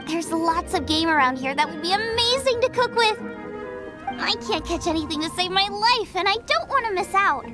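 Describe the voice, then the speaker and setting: Bubbly young chef, high lively voice, food-obsessed, eager, game character. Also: female voice, moderate pace. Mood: chatty. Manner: bubbly, enthusiastic, rambles about recipes. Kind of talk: game cutscene voice acting. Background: background music.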